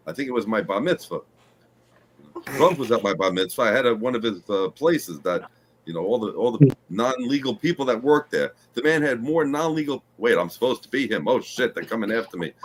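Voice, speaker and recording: A man's voice: mid-range voice, a bit bright, a little hiss or hum. A man improvising a rambling, crude comedy bit as a game show contestant. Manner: rambling, self-interrupting, crude jokes.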